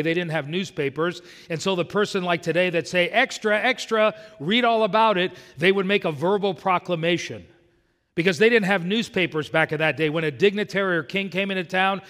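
A man with a fairly high voice delivers an earnest sermon, leaning hard on the scripture he quotes. He is heard in a church sanctuary, and the room leaves a long reverb trailing after his words. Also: a bit bright. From United States. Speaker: pastor.

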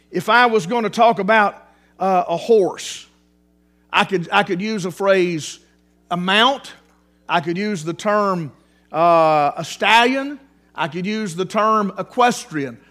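Male preacher, high voice, animated sermon delivery with plenty of restarts and repetition. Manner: animated, repeats words for emphasis, restarts often. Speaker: pastor. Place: church sanctuary.

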